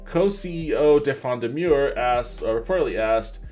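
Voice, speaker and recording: Male podcast host with an average-pitched voice, casual and wry, reads news articles aloud and trips over names. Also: expressive, normal speed, a little mellow, soft background music. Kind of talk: livestream podcast, reading articles aloud with commentary.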